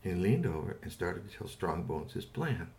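A man tells a made-up bedtime story to a child in a relaxed, unscripted way. His voice moves up and down with lively pitch. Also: normal speed, vocal fry.

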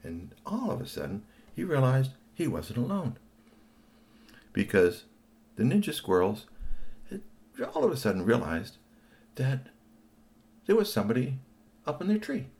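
A middle-aged man narrating a children's story in an animated way, talking to young listeners. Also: medium pitch, a little slow, vocal fry, pauses often.

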